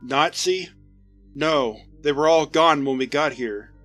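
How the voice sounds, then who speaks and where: Casting: man doing a starving monster-man, slow and begging, fairly high voice, faint music under it. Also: a bit bright. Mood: pleading. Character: starving, pleading monster-man soldier, apologetic.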